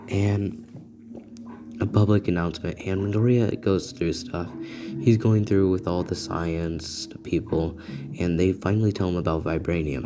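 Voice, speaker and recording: A young man spins an improvised fan story in a low, gravelly voice. He rambles, restarts, and stops to talk to his listeners. Beat music plays clearly behind him. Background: music beats.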